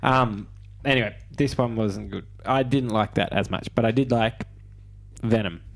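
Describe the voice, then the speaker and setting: A man with an Australian accent, a podcast co-host chatting in a relaxed, hesitant way with frequent ums. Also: on the low side, normal speed, creaky. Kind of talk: casual chat.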